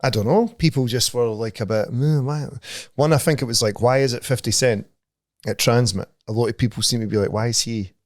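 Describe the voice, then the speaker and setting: A man's voice: medium pitch, brisk, dry recording, studio quality. A Scottish man co-hosting a podcast, talking bluntly and swearing. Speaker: podcast co-host. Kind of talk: casual chat.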